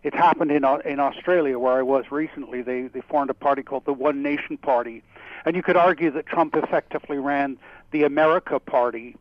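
A man's voice: medium pitch, fairly quick, no room sound. Rambling Canadian man on a dull line. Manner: rambling, with many fillers and restarts. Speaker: guest climatologist. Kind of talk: phone-in radio interview.

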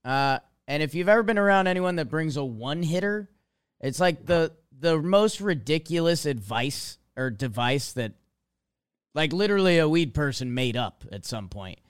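A man's voice: a little high, expressive, normal speed, smooth, dry recording, clean studio sound. A man co-hosting a casual sports podcast, rambling through stats and jokes. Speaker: podcast co-host.

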